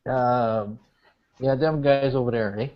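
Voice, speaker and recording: Man, dry, low-key delivery; distant, lo-fi audio. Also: fairly even intonation, takes it slowly. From Cape Breton. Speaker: panel correspondent. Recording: distant, dull lo-fi call audio.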